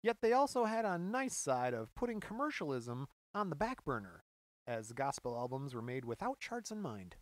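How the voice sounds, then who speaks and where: Lively, animated man co-hosting a podcast. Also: moderate pace, no room sound. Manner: animated, jokey, bursts into high mock voices. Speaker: podcast co-host. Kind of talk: casual podcast chat.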